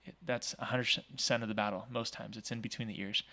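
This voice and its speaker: A man in his thirties, from Oregon, telling stories as a guest in a casual interview, talkative and energetic, with many fillers like "like" and "um". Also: fairly low pitch, quick pace. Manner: energetic, talkative, acts out quoted voices; frequent fillers like "like" and "um". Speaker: podcast guest, small business owner.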